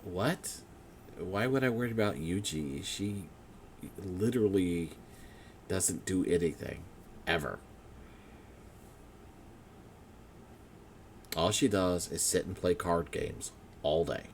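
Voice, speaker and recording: A scheming official, played by a man in a deep voice, muttering and stalling as he hatches a plan. Faint hiss under the voice. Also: measured pace. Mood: dismissive. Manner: muttering, hesitant, talking himself into a plan. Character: scheming, flustered male official.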